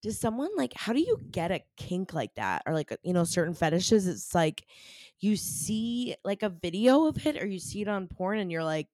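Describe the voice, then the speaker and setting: A woman co-hosting a casual podcast, lively and joking, agreeing often with her partner. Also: mid-range voice, normal speed, dry recording. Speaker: podcast co-host. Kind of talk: casual chat.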